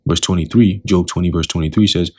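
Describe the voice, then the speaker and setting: A man's voice: low-pitched, steady tone, fast, a little mellow. A man teaching scripture in a loose, talkative way, often putting questions to the listener.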